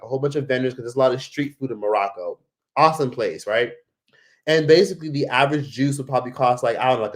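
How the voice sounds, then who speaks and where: Guy rambling through a travel story, tons of fillers and cussing, mid-pitch voice. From United States. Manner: rambling, heavy on fillers and profanity. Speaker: travel vlogger. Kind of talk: casual storytelling.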